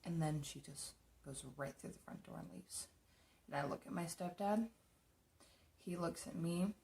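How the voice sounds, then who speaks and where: A woman's voice: on the low side, unhurried, creaky, a little mellow. A young woman casually telling stories while doing her makeup, chatty and rambling, swearing freely. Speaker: makeup streamer.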